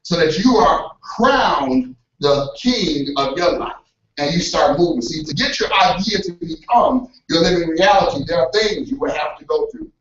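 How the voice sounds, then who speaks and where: Brief: high-pitched male preacher, animated, acts out voices and shouts, AAVE, recorded from afar in an echoey church hall with dull sound. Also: normal speed, distant mic. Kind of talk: motivational sermon.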